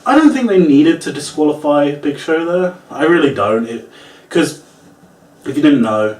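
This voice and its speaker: Male vlogger, lively rant, swears a lot, a bit high-pitched, echoey room, sits back from the mic. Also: moderate pace. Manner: animated, swears often, acts out moves and quotes. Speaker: wrestling reviewer. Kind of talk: casual ranting review. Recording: roomy, distant from the mic.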